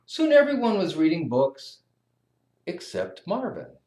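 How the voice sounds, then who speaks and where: A storyteller reading a children's picture book aloud in a slow, expressive, sing-song way. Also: medium pitch. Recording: echoey room.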